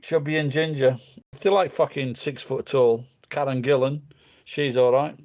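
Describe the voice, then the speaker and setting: A man's voice: medium pitch, fairly even intonation, moderate pace, a little mellow. A middle-aged man rambling casually, swearing freely and drifting between thoughts. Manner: crude, swears freely, meandering. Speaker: vlogger.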